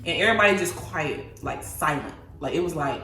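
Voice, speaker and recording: A woman in her twenties casually telling a personal story to her viewers, chatty and animated. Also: deep voice, a little fast. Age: 20s. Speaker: vlogger. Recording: echoey room, voice a bit far from mic, faint music.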